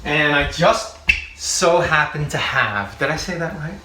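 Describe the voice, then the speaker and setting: A man with a slightly high voice runs a comedic cooking demonstration in his home kitchen. He chats and jokes, laughs at his own lines and repeats his points for emphasis. The kitchen sounds echoey, with clear noise behind him. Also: animated, measured pace, sharp tone. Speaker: cooking show host.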